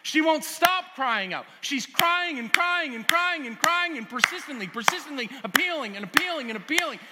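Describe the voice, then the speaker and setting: A man preaching a sermon as pastor, swinging from loud urgent emphasis to quiet lowered asides. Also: expressive, moderate pace, heavy background noise. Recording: long hall reverb.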